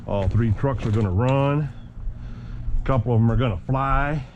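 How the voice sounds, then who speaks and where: A man's voice: medium pitch, moderate pace, darkish tone. A man chatting casually to his viewers while packing his gear, jokey and easygoing. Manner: chatty, jokey, talks to viewers as guys and boys. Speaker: RC hobby vlogger. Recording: dull lo-fi audio with clear background noise.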